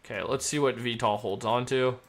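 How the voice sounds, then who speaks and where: A man's voice: medium pitch, steady tone, a little fast. Chatty male streamer running air traffic. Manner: loose and chatty, with many fillers and "like"; switches to crisp radio phraseology when controlling. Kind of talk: casual live-stream chat.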